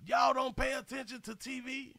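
A man's voice: very high voice, level tone, normal speed, bright, forceful tone, dry recording. A man hosting a commentary show, reacting to a news clip with mocking, slangy talk and swearing.

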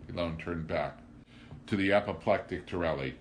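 Deep male voice, measured audiobook narration, faint hiss behind. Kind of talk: audiobook reading of a classic novel.

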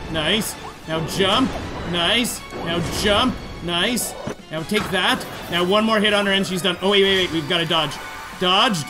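A high-voiced man narrates his game as he plays, excitable and chatty. He taunts and pleads with the boss on screen, and game music plays clearly behind him. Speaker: gaming YouTuber. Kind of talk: let's play commentary.

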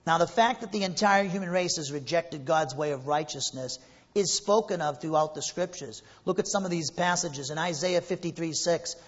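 A man's voice: a little high, moderate pace. A man preaching a sermon as pastor, earnest and emphatic, asking rhetorical questions and pressing his points home. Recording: muffled recording with long hall reverb.

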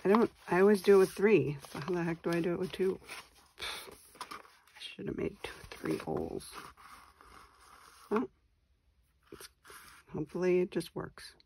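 A Wisconsin woman in her forties hosts a papercraft channel, chatting casually through a tutorial and muttering to herself as she works. Her voice is lowish and darkish, unhurried with frequent pauses, and there's slight background noise.

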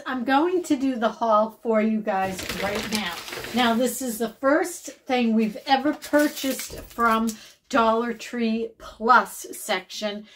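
A woman's voice: a little high, low-quality recording. A woman vlogger chatting casually while showing off a shopping haul. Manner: chatty, slow and deliberate when showing items.

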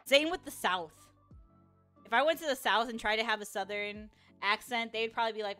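A woman's voice: a little high, a little fast, sharp tone, soft background music. Giggly young Chicago woman streaming. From Chicago, USA. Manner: chatty, laughs often, reacts to chat. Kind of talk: casual live-stream chat.

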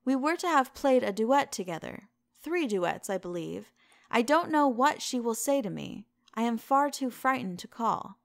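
A woman's voice: fairly high pitch, animated, normal speed, creaky. A woman reading the lines of a petulant, charming young man in a storybook reading, in an eager, lightly pleading way. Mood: sheepish.

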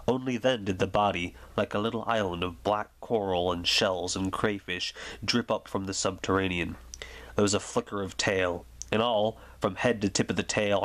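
Low-voiced man reading softly for sleep. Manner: soft, slow, soothing reading. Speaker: reader. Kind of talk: ASMR story reading.

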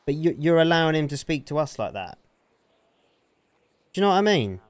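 A man's voice: a little high, sing-song, fairly quick, no room sound. A man in an in-character roleplay argument, aggrieved and defensive, swearing often. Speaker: roleplay streamer.

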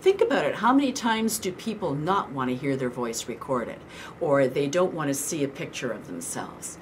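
A woman voice coach speaking in an animated, encouraging way as she walks the listener through her tips. Her pitch sits in the middle but moves a lot, swinging up and down through her sentences. A faint hum of noise sits behind her voice. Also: normal speed. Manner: animated and encouraging, with instructional asides. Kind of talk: instructional tips to camera.

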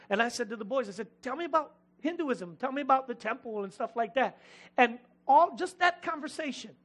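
Male pastor, middle-aged, very high bright voice, lively joking sermon delivery in church. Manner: lively, joking preacher with quick asides.

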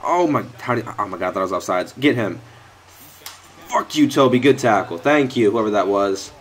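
A young man on YouTube narrates his own football video game live, fairly quickly and with animation, in a voice on the low side. Frustrated, he swears at his players. His mic, a headset or desk model, sits close to his mouth.

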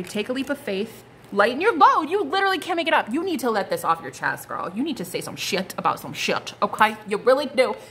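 A young woman giving a casual tarot reading to her viewers, blunt and animated, swearing freely as she calls things out. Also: on the high side, a little hiss or hum. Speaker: psychic tarot reader.

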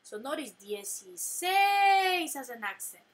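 A woman teaching a Spanish lesson, counting slowly and explaining patiently. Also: high voice, sing-song. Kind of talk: language lesson.

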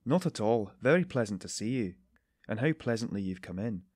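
A sly, good-humoured middle-aged detective teases in an amused, gently ironic tone, as a male audiobook narrator acts him out. The voice sits low and is recorded close and dry. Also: animated, fairly quick, breathy edge, no echo. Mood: jovial.

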